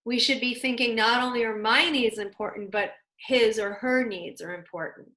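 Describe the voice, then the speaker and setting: A woman's voice: on the high side, normal speed, sharp tone. Woman teaching a relationship class, roomy echo. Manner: conversational, acts out spouses' quoted lines. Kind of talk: online class lecture.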